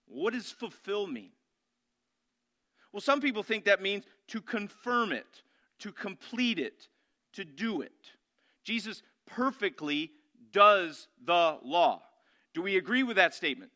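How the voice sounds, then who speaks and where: Emphatic high-voiced male preacher. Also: lively intonation, a little slow. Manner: emphatic, rising to loud declarations; asks the congregation questions and answers them himself. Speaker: pastor. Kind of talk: sermon.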